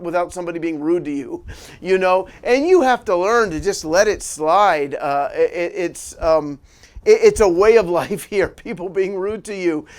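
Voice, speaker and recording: Middle-aged male preacher, high-pitched, animated storyteller who laughs between phrases. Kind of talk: sermon-style storytelling.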